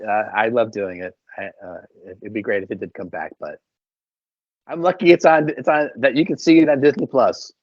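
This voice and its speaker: A man's voice: medium pitch, brisk, dry recording. A man, a puppeteer and voice actor, chatting animatedly as an interview guest and filling his talk with fillers. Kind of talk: casual interview storytelling. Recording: slightly dull, dry recording.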